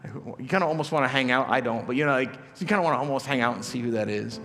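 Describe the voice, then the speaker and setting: A man's voice: mid-range voice, rapid-fire. Pastor guy preaching loose and chatty, lots of "right?" asides, echoey church hall. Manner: casual, questioning, with many asides and repeated starts. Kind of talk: conversational sermon. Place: church auditorium. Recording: live church hall reverb with soft music.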